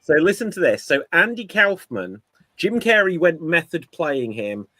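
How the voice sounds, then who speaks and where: A man co-hosting a casual podcast chat, telling an animated story and acting out quotes. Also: on the high side, a little slow, noisy background. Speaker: podcast co-host.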